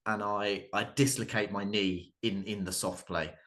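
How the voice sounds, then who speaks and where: A man, performing a stand-up comedy set in a halting way, with many fillers, restarts and dry asides. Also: on the low side, fairly even intonation, fairly bright tone. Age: 30s.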